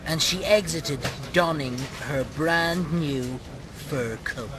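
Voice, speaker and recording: A man's voice: a little high, slow pace, background noise. A man with an Irish accent voicing a crude, cantankerous puppet who tells smutty stories and insults his brother. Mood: storytelling. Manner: mocking, insulting, gleefully crude. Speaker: puppet show co-host. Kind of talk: comic puppet storytelling and bickering.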